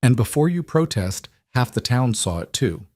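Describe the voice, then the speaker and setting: A man voicing a young woman teacher who gently and knowingly advises her friend. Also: medium pitch, big pitch swings, moderate pace, no room sound, studio quality, pitched above the performer's own voice. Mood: gently teasing.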